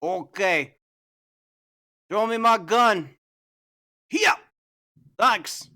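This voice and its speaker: A man's voice: high voice, lively intonation, extremely slow, bright, forceful tone, voice pushed up, heavily acted. A man voicing a rowdy Australian bushman in a comedic fan dub, with a put-on Australian accent and an exclaiming, jokey manner. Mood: blustery. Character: rowdy male Australian bushman hunting rocks.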